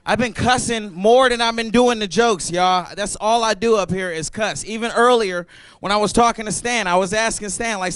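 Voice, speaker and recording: A man's voice: high voice, moderate pace, fairly bright tone, clear, resonant tone, no echo. A young man doing a loose, profane stand-up set at an open mic, riffing on the crowd. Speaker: stand-up comedian. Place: comedy club stage at an open mic.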